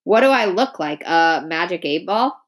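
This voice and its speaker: A gruff older recluse speaks in a blunt, dry, matter-of-fact way, as a woman reads her aloud. She sounds slow and unbothered. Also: lowish voice, expressive.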